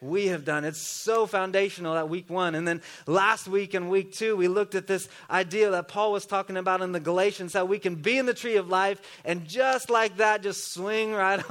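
High-voiced man preaching casually. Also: fairly bright tone. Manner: conversational, joking asides. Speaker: pastor. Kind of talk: sermon.

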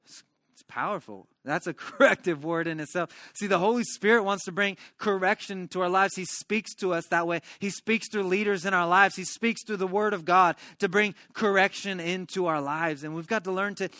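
A man preaching a sermon as a pastor, telling a story in an animated way and tossing in "right?" asides. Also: sits high, moderate pace, dry recording, clean studio sound.

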